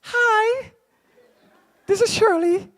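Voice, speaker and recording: A man putting on a higher woman's voice to pose as a caller named Shirley. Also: very slow, fairly bright tone, full character voice. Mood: teasing.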